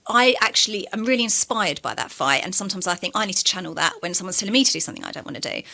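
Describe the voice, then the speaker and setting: A woman's voice: mid-range voice, animated, racing, gravelly, pushed and bright. A young woman guest on a podcast, talking candidly and chattily, telling stories with frequent fillers. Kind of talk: casual interview conversation.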